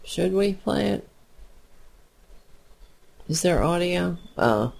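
Woman commentator, slow and lowish, ranting with profane sarcasm. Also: lively intonation, creaky, a little mellow, slightly rough. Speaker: political commentator.

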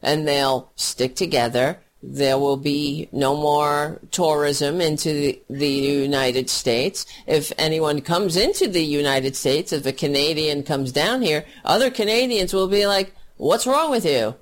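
Slow, scornful woman ranting. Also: deep voice. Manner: angry, scornful, insulting; halting, repeats words. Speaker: political commentator. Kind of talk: ranting political commentary.

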